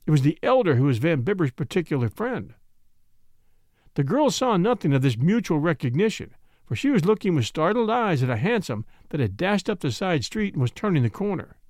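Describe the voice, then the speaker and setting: Expressive male storybook narrator. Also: fairly high pitch, a little fast, dry recording, studio quality. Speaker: audiobook reader. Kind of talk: scripted narration.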